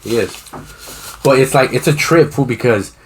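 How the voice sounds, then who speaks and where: A man co-hosting a podcast, trading stories with a friend. He talks at an ordinary mid pitch and tells things in a loose, profane, slang-heavy way. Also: moderate pace, slight background noise. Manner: profane, animated storytelling with slang. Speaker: podcast co-host. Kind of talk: casual chat.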